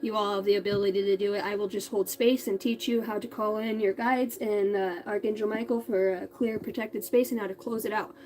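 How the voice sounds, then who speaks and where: A woman's voice: medium pitch, fairly even intonation, a little fast, few pauses, a little mellow, low-quality recording. A woman in her thirties hosting a tarot reading livestream, chatting casually and bluntly with viewers and swearing freely. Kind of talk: casual live-stream chat.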